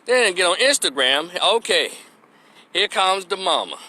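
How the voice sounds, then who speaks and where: A man with a high, pushed and bright voice speaks unhurriedly yet very animatedly. As a commentary vlogger, he rants opinions into the camera, blunt, profane and mocking, and mimics others in exaggerated voices.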